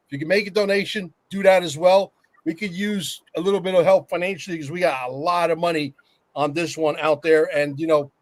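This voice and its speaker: A man hosting a roundtable podcast, chatty and enthusiastic as he talks up his project. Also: on the high side. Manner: chatty, enthusiastic, self-promoting. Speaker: podcast host. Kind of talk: casual roundtable chat.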